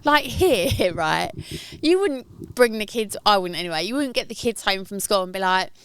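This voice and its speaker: Chatty woman, smooth voice. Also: mid-range voice, animated, moderate pace, a bit bright, no room sound. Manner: chatty, rambling with many fillers. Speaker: podcast co-host. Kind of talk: casual chat. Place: outdoors in a garden.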